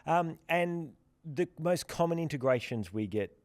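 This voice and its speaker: Relaxed rambling man on a dry mic. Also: on the high side, unhurried, dry recording. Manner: relaxed, rambling with many restarts and fillers. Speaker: podcast co-host from the platform's team. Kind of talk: casual podcast chat.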